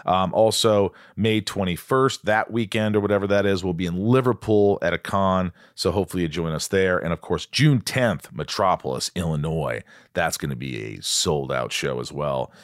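A man with a low voice hosts a podcast from his studio. He chats in a loose, excitable way, cracking jokes and jumping in with exclamations. The sound is close and dry. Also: dry recording. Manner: excitable, jokey, quick to exclaim. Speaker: podcast host. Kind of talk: casual chat. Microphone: studio microphone.

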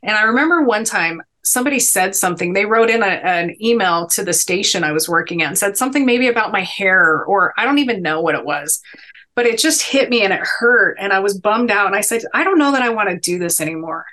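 A woman's voice: medium pitch, lively intonation, fairly quick, bright, forceful tone. A middle-aged woman, a podcast guest, telling personal stories in an earnest, emphatic way during a sit-down interview. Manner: earnest, emphatic storytelling with inspirational lines.

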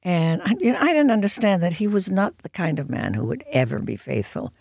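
Lady in her 90s telling old stories, voice swoops up and down, bit of fry, dry close sound. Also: fairly low pitch, brisk. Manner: lively storyteller, acts out quotes, wry. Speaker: guest. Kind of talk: anecdotal interview storytelling.

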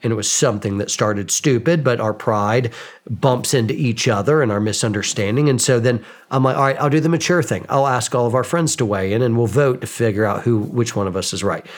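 Animated man telling self-mocking stories. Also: mid-range voice, brisk. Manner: animated, self-mocking, acts out quoted exchanges. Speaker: podcast guest. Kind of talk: casual storytelling interview.

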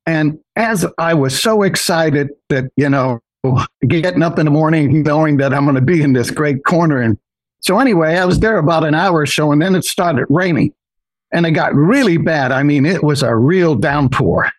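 A man's voice: fairly high pitch, normal speed, no room sound, rough recording. Older man telling a folksy story. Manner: rambling, folksy, says "so anyway" often. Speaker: podcast guest. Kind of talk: personal storytelling.

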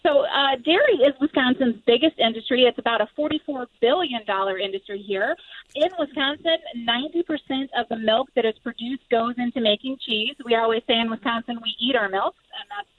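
A woman from the US East Coast, a marketing executive, interviewed on the radio by phone, bright and enthusiastic. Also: a little high, brisk, no echo. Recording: tinny phone line.

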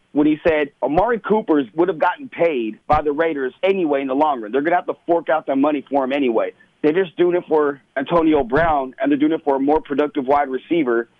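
A man's voice: a little high, no echo. A man hosting a sports talk radio show, opinionated and conversational. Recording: tinny phone-like radio audio, dry.

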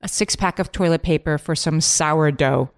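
A woman co-hosting a podcast, talking quickly and upbeat with lots of filler words. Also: sits low. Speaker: podcast co-host. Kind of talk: casual podcast chat.

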